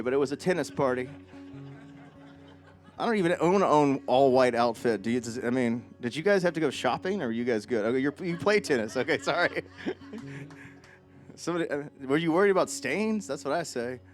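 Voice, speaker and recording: Guy singer rambling jokey stories between songs at a small club, kinda high voice, bit of guitar in the back. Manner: rambling, joking anecdotes. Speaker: singer-songwriter performing live. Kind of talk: stage banter between songs. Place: small live music club. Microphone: stage vocal mic.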